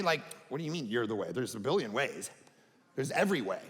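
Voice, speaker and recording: A man preaching a sermon as pastor, animated, swinging between loud emphatic bursts and low quiet asides. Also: fairly quick. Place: church sanctuary. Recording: church hall reverb.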